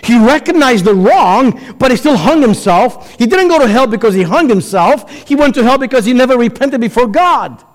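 A man preaching a sermon as pastor, emphatic, with dramatic pauses and acted-out quotes. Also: extremely high pitch, expressive. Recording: long hall reverb.

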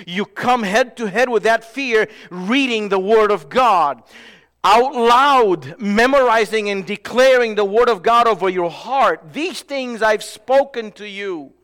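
High-voiced preacher in a reverberant hall. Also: male voice, smooth. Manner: preaching with sudden swings from loud to hushed. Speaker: pastor. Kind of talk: sermon.

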